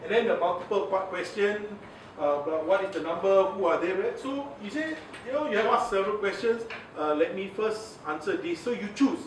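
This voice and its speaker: A communications trainer delivers an informal workshop lecture, chatty and packed with fillers and asides. His voice sits high, expressive and fairly quick, captured from far off in an echoey room with faint hiss.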